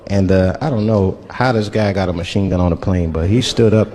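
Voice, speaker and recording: A man performing a stand-up comedy set on a live stage, telling stories in an animated way and slipping in and out of voices. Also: on the low side, normal speed, few pauses. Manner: animated storytelling, swinging between voices. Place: live stage before an audience. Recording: live stage with crowd noise. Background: audience laughter.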